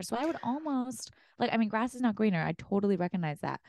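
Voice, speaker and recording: A woman's voice: mid-range voice, lively intonation, fast, hardly any pauses, mellow, no room sound. Probing woman co-host, dry sound. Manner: probing, self-reflective, swears. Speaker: podcast co-host. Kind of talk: casual chat.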